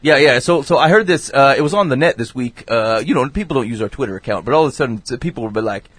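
A man's voice: medium pitch, lively intonation, quick pace, fairly bright tone, breathy edge, dry recording. A man hosting a podcast, joking around and hesitating with many fillers. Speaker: podcast host. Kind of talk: casual podcast chat. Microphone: studio mic.

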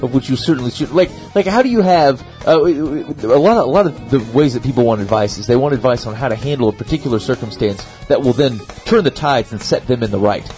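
A man's voice: medium pitch, expressive, fast talker, few pauses, darkish tone, faint music behind. A man co-hosting a casual podcast who thinks aloud, restarting his sentences as he goes. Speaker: podcast co-host.

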